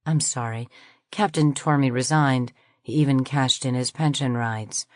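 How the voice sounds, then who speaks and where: Woman reading as a polite young pilot officer, quiet and low, all business. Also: a little slow, dry recording, studio quality.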